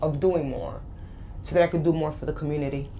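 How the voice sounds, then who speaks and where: A woman's voice: low voice, steady tone, fast talker, warm tone, slight background noise. A woman in her forties with a Boston and Spanish accent, a guest life coach speaking in an upbeat, emphatic interview chat. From Boston, USA. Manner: upbeat, emphatic, repeats key phrases.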